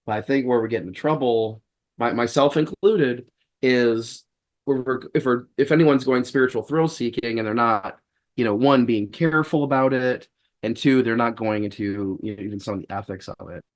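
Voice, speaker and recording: A man's voice: mid-range voice, normal speed. Wry storytelling man. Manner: wry, acts out quoted dialogue; rambling with frequent restarts. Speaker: podcast guest, exorcist. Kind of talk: casual storytelling in conversation.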